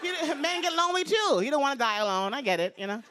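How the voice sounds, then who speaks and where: A woman's voice: high voice, sing-song, quick pace, fairly bright tone, a faint crowd, a little hiss or hum. A woman in her fifties doing a brash, confiding stand-up routine on stage before a live audience. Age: 50s. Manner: brash, confiding, punchline-driven. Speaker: stand-up comedian.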